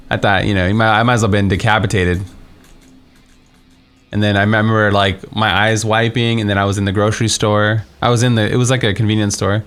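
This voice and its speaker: A man's voice: on the low side, little pitch movement, fairly quick, a bit bright, clean tone. A young man streaming a game, telling a story in a casual, rambling way with many fillers and restarts. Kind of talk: casual storytelling while playing.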